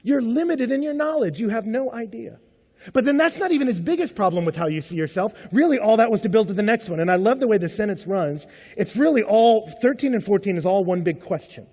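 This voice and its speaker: A man preaching a sermon in a conversational, animated way, full of rhetorical questions and asides to the congregation. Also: high voice, brisk. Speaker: pastor. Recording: long hall reverb.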